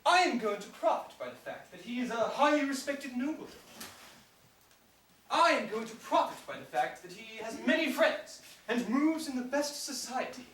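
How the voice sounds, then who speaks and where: An actor in a live stage play playing a witty, theatrical gentleman plotting a scheme. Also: mid-range voice, very animated, normal speed. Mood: scheming. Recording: echoey stage from far, noisy.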